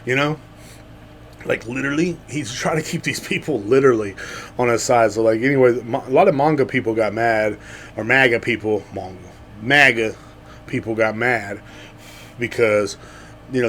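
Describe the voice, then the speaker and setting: This Central Texas podcast host has a mid-range voice and launches into a casual ranting monologue, rambling, sarcastic and full of profanity. There's a little hiss or hum in the audio.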